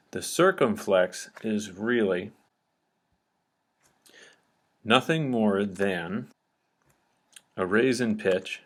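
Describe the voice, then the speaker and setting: Low-voiced man explaining grammar patiently. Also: a bit bright. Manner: patient, step-by-step explaining with frequent "okay?" checks. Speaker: teacher. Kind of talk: recorded grammar lecture.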